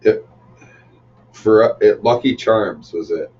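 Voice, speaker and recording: A man's voice: lowish voice, takes it slowly, distant mic. A Canadian man with a Canadian accent chatting casually as a podcast co-host, laid-back and amused. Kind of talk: casual chat. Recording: dull sound from off mic.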